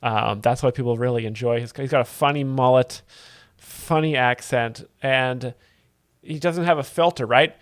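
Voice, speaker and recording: A man hosts a livestream in a deadpan, mock-earnest tone. He rambles and halts over fillers and restarts. His voice sits at a middle pitch in a dry, close room. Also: normal speed, no room sound. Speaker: joke explainer host of a livestream. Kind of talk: mock-earnest comedic commentary.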